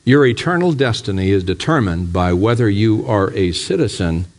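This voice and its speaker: A man's voice: animated, moderate pace. Man preaching with rhetorical questions. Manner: asks the congregation repeated rhetorical questions; preaching that climbs to a fervent, raised pitch. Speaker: pastor. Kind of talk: sermon. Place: church.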